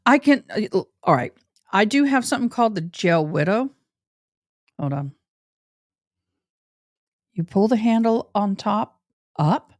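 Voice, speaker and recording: A woman's voice: mid-range voice, animated, measured pace, long pauses, dry recording, clean studio sound. A middle-aged woman, chatting casually and personally to her livestream viewers. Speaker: livestream host.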